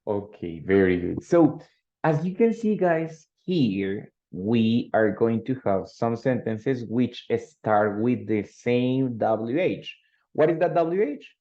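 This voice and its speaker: A man's voice: medium pitch, expressive, slow pace, mellow. A man teaching an English class, explaining grammar with frequent tag questions like "right?" and "ready?". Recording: dull lo-fi audio.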